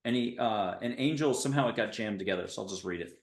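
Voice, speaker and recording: A man's voice: lowish voice, a little fast, few pauses, roomy sound. A man hosting an interview show in a casual, rambling way, cracking dad jokes. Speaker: podcast host. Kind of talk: casual video-call interview.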